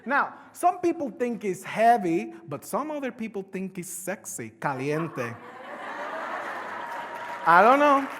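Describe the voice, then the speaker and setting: Animated woman with a Spanish accent. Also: a little high, normal speed, hardly any pauses, a faint crowd, slight background noise. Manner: animated, playful, drawing in the audience. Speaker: conference speaker. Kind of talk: live keynote presentation. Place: large conference hall. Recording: echoey conference hall.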